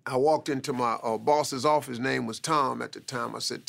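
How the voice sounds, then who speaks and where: A comedian recounts his life in lively, conversational storytelling. His voice is gravelly and forceful, with a sharp, bright edge that cuts through. He slips easily into casual, colloquial phrasing. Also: mid-range voice, moderate pace, hardly any pauses. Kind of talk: motivational personal storytelling.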